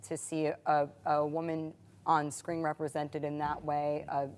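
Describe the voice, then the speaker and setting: An actress on a cast panel, talking thoughtfully and haltingly with many fillers. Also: female voice, low-pitched, completely flat delivery, a little mellow, slight background noise. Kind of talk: reflective casual talk.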